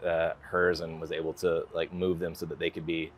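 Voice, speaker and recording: This American guest artist has a bass voice and delivers his words flatly at a moderate pace. In the interview, he rambles casually and relies on lots of "like" and "you know" fillers.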